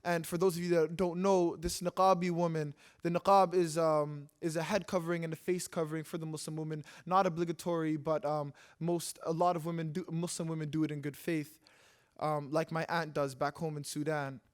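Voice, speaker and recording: A man's voice: fairly high pitch, level tone, brisk. A young man from Canada giving an earnest, impassioned spoken-word talk on a stage, with rhythmic repeated lines. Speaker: speaker at a public talk. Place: live stage talk in a city hall.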